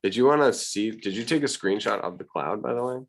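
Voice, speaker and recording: A man's voice: lowish voice, animated, brisk, gravelly. A man, an art teacher, chatting casually with his class, hesitant, with many restarts.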